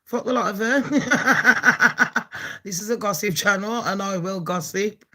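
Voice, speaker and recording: A woman with a Birmingham accent dishes gossip for her channel in a slow, unhurried drawl. Her voice is bright and forceful, and her talk is brash, full of swearing and laughter. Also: mid-range voice. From England. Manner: foul-mouthed, frequently laughing, brash. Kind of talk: casual gossip vlog.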